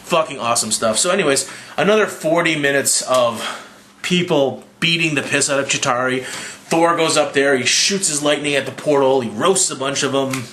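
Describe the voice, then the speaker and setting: A man's voice: normal speed, slight background noise. A slightly drunk young man casually recapping a movie, swearing freely and acting out lines in a raised voice. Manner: profane, excitable, acts out quotes in a higher voice. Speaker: movie reviewer.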